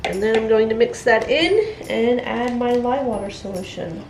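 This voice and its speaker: A woman's voice: fairly high pitch, expressive, moderate pace, darkish tone, slight background noise. A woman hosting a soap making video, chatting casually with frequent laughs while congested from a cold. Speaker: soap maker and channel host. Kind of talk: casual tutorial chat. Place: indoor crafting room at home. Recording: echoey room with music behind.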